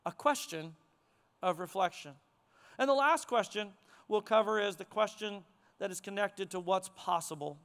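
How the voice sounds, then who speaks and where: A man preaching a sermon, swinging from near shouts down to hushed, quiet passages. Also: sits high, normal speed, smooth. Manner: animated preaching, rising to near shouts then dropping to hushed tones. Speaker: pastor. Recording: long hall reverb.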